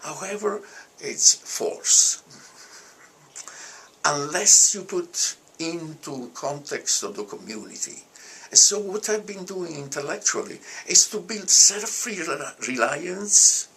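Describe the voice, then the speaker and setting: An older man with an Italian accent, recalling his past in an interview in a halting way, often starting over and laughing at himself. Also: on the high side, animated, pushed and bright, a little hiss or hum. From Italy. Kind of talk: reminiscing interview.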